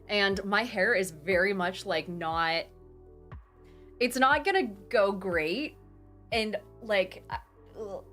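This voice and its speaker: Bubbly, lively woman streamer. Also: medium pitch. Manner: bubbly, gushing and excitable, thanking donors. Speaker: streamer hosting a charity stream. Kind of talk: casual live-stream chat, reading chat aloud.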